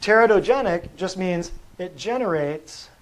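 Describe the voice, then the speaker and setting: A man with a slightly higher voice lectures a live audience on natural health. He is emphatic and blunt, often firing questions at the room to drive each point home. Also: expressive, a little slow, rough recording. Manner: blunt and combative. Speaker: natural health practitioner giving a talk.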